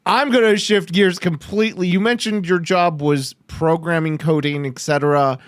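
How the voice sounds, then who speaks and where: A man with a rather high voice hosts a casual chat and teases his guest in a playful way. The recording is close and dry, with no room sound. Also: fairly even intonation, moderate pace, no room sound. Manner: teasing, playful. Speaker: host.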